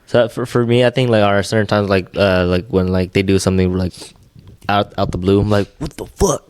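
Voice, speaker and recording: Young man, podcast co-host, casual rambling chat, smooth resonant voice. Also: low-pitched, little pitch movement, brisk, darkish tone, dry recording. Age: young adult. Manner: rambling with many fillers and restarts.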